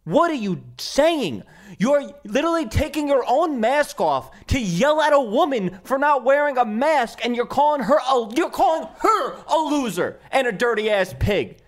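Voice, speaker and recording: A young man with a New York accent, hosting a podcast and ranting in a heated, profane, combative way, with bursts of shouting. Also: very high-pitched, animated, normal speed, hardly any pauses. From Staten Island, New York. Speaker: podcast host. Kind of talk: opinionated podcast rant.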